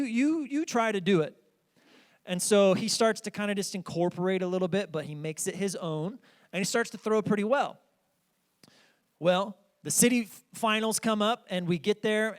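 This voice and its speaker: A male pastor in his thirties preaching a storytelling sermon in church, chatting directly with the congregation. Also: high-pitched. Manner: conversational, addresses congregation directly. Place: church sanctuary.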